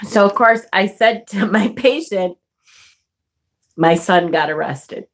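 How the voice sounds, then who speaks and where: Female vlogger, unhurried chatty storyteller, frank and profane. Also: medium pitch. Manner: chatty, swearing, laughing often. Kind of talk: casual personal storytelling.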